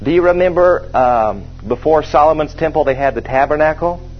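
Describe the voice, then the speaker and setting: A man preaching a sermon in a conversational way, asking the congregation questions and slowing down to stress scripture. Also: on the high side, soft background music. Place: church service with a congregation. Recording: dull lo-fi sermon recording.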